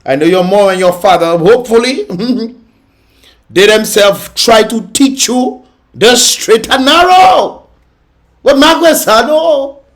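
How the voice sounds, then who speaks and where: A man's voice: extremely high pitch, animated, slow. A man hosting a reaction vlog, scolding and mocking with frequent laughter. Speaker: vlog host reacting to videos. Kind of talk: reaction commentary.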